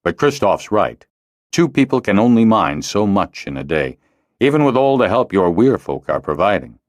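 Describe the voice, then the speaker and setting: A man voices a worn-out miner in a fantasy audiobook, plain-spoken and blunt. The voice stays low and dry. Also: sing-song, moderate pace, no echo. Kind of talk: audiobook character voice.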